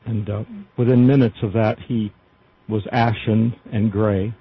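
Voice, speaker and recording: A man's voice: lowish voice, level tone, unhurried, husky. A man hosting a casual news show, reading articles aloud with many fillers and asides. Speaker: podcast news host. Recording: dull lo-fi audio.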